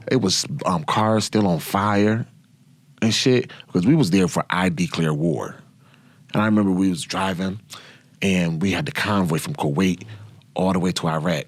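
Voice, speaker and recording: A man in his thirties hosting a podcast, telling stories in a brash, profane, animated way. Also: low-pitched, no echo. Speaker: podcast host. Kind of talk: casual storytelling.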